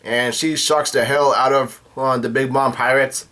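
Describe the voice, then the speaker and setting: A man's voice: mid-range voice, fairly even intonation, a little slow, bright, forceful tone. Rambling man recapping a manga chapter. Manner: rambling, full of "uh" fillers and restarts. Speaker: manga reaction host.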